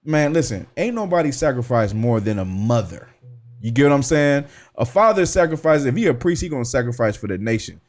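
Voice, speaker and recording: Guy hosting a radio faith chat, loose and lively, acts out what people say. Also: medium pitch, fairly quick. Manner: animated, acts out quoted voices, swears. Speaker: radio show host. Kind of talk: casual religious discussion.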